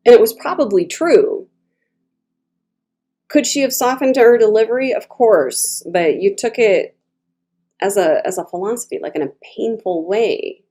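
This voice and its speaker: A woman's voice: on the high side, unhurried, dark tone. A woman giving a casual tarot reading to her viewers, chatty and digressive, laughing often and slipping into little acted-out voices. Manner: acts out quoted speech in shifting voices. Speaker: tarot reader.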